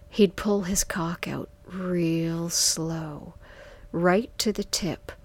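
A woman narrating a first-person erotic story in a soft, half-whispered, drawn-out delivery, close to the mic. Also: on the low side.

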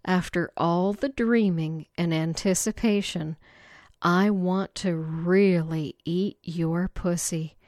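A woman voicing a playful, eager young woman in a slow, breathy read-aloud story. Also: fairly low pitch, fairly even intonation, darkish tone, no room sound, studio quality.

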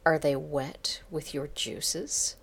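A woman reading the lines of an arrogant, domineering male boss in a slow, taunting, commanding way, in her own low voice. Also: fairly even intonation, vocal fry, slightly rough, heavily acted.

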